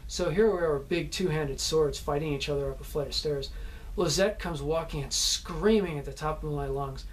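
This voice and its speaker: A man who acts shares rambling behind-the-scenes tales from a movie shoot, laughing a lot and filling the talk with restarts and fillers. His voice sits a little high, and he talks at normal speed.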